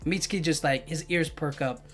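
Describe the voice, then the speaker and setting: A man's voice: on the high side, normal speed, fairly bright tone. A man recapping a manga chapter in a loose, casual way, filling his talk with "like" and "you know what I mean", with faint music behind. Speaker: anime and manga reviewer.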